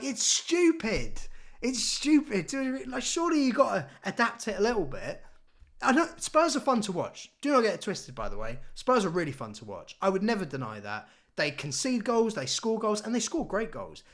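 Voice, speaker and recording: Brief: young male vlogger, sarcastic and animated, lively fairly high voice. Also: creaky. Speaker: football YouTuber. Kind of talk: casual opinion vlog.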